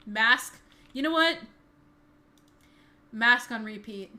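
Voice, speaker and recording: High-voiced woman streamer singing along. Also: slow pace. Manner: sings along to songs, breaks into loud excited outbursts and laughter. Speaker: live streamer. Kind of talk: casual live-stream chatter. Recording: loud music over the voice. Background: loud pop music playing.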